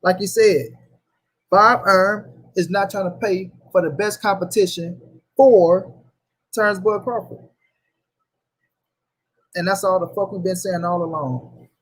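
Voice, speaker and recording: Husky heated man ranting about boxing. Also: high-pitched, unhurried, pauses often, low-quality recording. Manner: heated, profane, repeats points, addresses chat. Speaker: boxing commentary host. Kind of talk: livestream rant reading chat.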